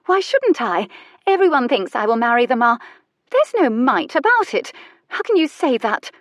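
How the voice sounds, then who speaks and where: A woman's voice: fairly high pitch, sing-song, moderate pace, a bit bright, dry recording, clean studio sound, pitched above the performer's own voice. A woman voicing a prim, easily flustered young society lady who speaks with indignant primness, in an audiobook character voice.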